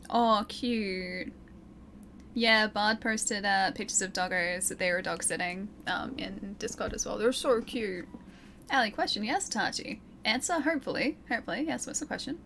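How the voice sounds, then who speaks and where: A woman's voice: fairly high pitch, expressive, a little slow, a bit bright, slight background noise. A young woman streaming a video game, chatting casually with her viewers and giggling between lines. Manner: chatty, giggly, reads chat aloud. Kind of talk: casual gameplay commentary. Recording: game music playing behind. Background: game music.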